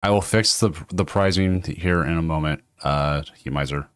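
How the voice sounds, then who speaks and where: Hoarse low-voiced man hosting a stream. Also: moderate pace, fairly bright tone, no echo, studio quality. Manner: rambling, self-interrupting, laughs often. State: hoarse from a cold. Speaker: tournament stream host. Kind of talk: casual livestream hosting.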